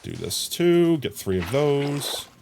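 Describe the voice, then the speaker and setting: A man's voice: fairly high pitch, very animated, slow pace, vocal fry, a little mellow, a little hiss or hum. A man casually narrating his game on a live stream, talking to chat and humming silly sound effects as he works.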